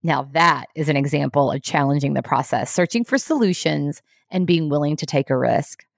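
A woman hosting a short leadership podcast, giving a scripted, encouraging talk with a measured storytelling manner. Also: low-pitched, vocal fry, no echo, studio quality.

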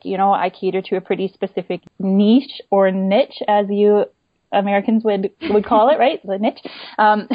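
A woman's voice: mid-range voice, dry recording. Chatty woman on a dull, dry line. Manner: explanatory, many "you know" and "right?" tags. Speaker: guest, small online shop owner. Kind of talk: casual interview chat. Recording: dull, lo-fi dry remote audio.

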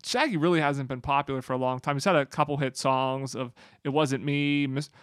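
A man's voice: medium pitch, steady tone, brisk, no room sound, clean studio sound. A man co-hosting a casual podcast chat, talking in enthusiastic, rambling bursts. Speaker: podcast co-host. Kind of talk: casual chat about a musical.

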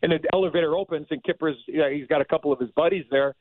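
A man, a former hockey player, telling a rambling, animated story in casual chat, laughing often. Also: fairly high pitch, racing, no echo, narrow, tinny audio.

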